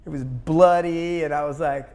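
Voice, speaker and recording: A man with a notably high voice tells a personal story as a guest in a conversation. He rushes through it intensely and breaks into sudden loud outbursts. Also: steady tone. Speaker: interview guest.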